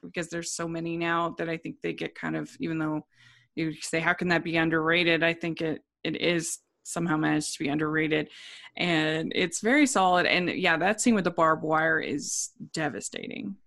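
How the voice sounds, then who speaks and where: A woman with a somewhat low voice, speaking in a measured, reflective way as she weighs in on a film. She chats casually, with a few small restarts. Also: fairly even intonation, vocal fry, fairly bright tone. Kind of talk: casual movie discussion.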